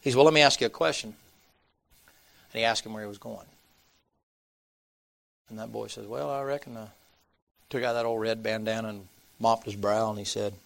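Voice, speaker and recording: A man's voice: fairly low pitch, vocal fry, no echo. A man, preaching by telling a folksy story and acting out the people's voices. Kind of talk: sermon storytelling.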